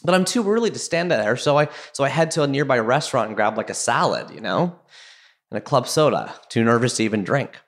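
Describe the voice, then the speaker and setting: A man from Canada hosting a podcast, telling a nervous story in an excitable, chatty way full of fillers. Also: mid-range voice, brisk. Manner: excitable, chatty, self-deprecating, many fillers. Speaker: podcast host. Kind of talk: casual storytelling intro.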